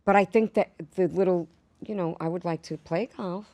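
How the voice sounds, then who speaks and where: A woman hosting a casual podcast chat, telling stories in a candid, animated way. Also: lowish voice, moderate pace, no room sound. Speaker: podcast host.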